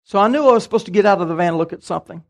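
An older man, preaching a sermon and telling stories in a folksy, animated way. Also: high voice, racing, creaky. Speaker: pastor.

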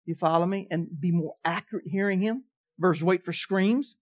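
A man preaching a sermon as pastor, telling stories in a folksy way and swinging from quiet to loud. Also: high-pitched, moderate pace. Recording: dull lo-fi recording.

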